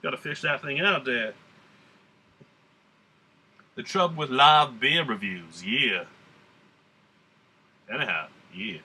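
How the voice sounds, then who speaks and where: A man's voice: mid-range voice, lively intonation, slow pace, long pauses, bright, forceful tone, husky. Laid-back man in a put-on Southern drawl. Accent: put-on American Southern drawl. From United States. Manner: laid-back, rambling, chatty with slang. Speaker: beer reviewer. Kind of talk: casual vlog tasting review.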